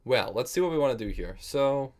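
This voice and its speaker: A man at an ordinary pitch for his sex streams a chess game and talks through his moves as he plays. He is quick to call his own mistakes stupid, then turns to answer his viewers' chat in easy, casual banter. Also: expressive, a little mellow. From United States. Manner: thinks aloud, self-critical, chats with viewers. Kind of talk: casual live-stream commentary while playing.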